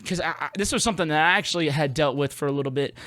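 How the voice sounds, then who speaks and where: A man's voice: on the high side, racing, a bit bright, no room sound. A young man hosting a podcast in casual, profane chat, full of fillers and laughter. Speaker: podcast host.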